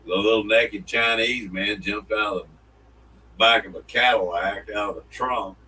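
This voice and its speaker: A man's voice: on the low side, steady tone, moderate pace, bright, forceful tone. A man co-hosting a casual morning show, rambling and joking as he restarts sentences. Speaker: co-host. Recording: distant mic, faint room noise.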